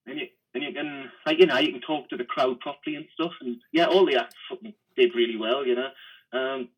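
A man's voice: mid-range voice, a little fast, breathy edge, poor audio. A man, a stand-up comedian trading blunt, sweary banter in a comedy chat.

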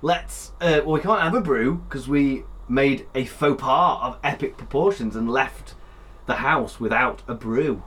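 A man co-hosting a car podcast, chatting in an animated, jokey way with casual swearing. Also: medium pitch, a little slow, breathy edge. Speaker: podcast co-host. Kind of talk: casual chat.

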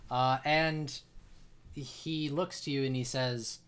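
A man's voice: medium pitch, steady tone, slow pace, a bit bright, smooth. A man narrating a tabletop role-playing game as game master, with frequent uhs and restarts. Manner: many filler uhs, restarts.

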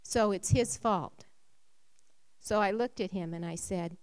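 A woman tells a personal faith testimony in a mid-pitched voice. Her delivery is emotional, rising with excitement and dropping to a low, soft tone in the reflective stretches. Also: a little slow, long pauses, smooth. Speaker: speaker sharing a testimony.

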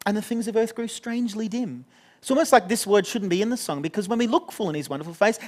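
A young man giving a sermon in an earnest, conversational way, often restarting his sentences. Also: high-pitched. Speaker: pastor.

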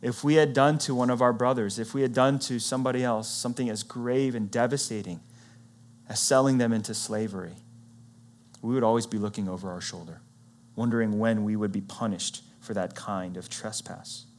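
A man preaching, retelling a Bible story in a conversational, animated way and acting out what the characters say. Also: mid-range voice, brisk. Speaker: pastor.

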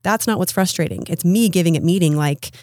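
A woman's voice: fairly low pitch, brisk, darkish tone, dry recording, clean studio sound. A woman in her thirties speaking as a podcast guest, explaining her ideas in an earnest, coaching way. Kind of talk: casual interview conversation.

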